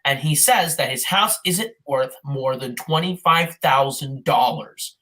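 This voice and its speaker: A podcast co-host recapping an old film in a rambling, profane, excitable way, sometimes doing quick mock voices. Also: mid-range voice. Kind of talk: casual comedic chat.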